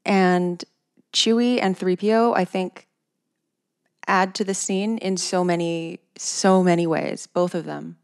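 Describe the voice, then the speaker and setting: A woman's voice: lowish voice, steady tone, slow pace, clear, resonant tone. A woman hosting a podcast, chatting in a thoughtful, casual way with many fillers. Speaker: podcast host. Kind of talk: casual chat.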